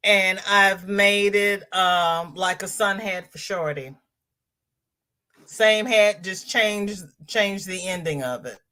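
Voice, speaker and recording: Slow-talking chatty woman. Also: mid-range voice, pushed and bright. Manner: chatty, rambling, laughs often, reads comments aloud. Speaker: crochet channel host reading live chat. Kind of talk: casual livestream chat.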